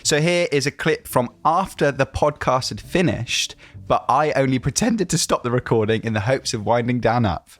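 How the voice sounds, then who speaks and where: Teasing, lively podcast host, man. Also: mid-range voice, moderate pace, hardly any pauses, no room sound, soft background music. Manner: teasing, laughing, playful quizmaster. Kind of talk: comedy podcast quiz.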